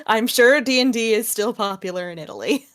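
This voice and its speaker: A woman chatting casually with a friend during a voice roleplay, easygoing and quick to laugh. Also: on the high side, no room sound, studio quality. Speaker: roleplay partner.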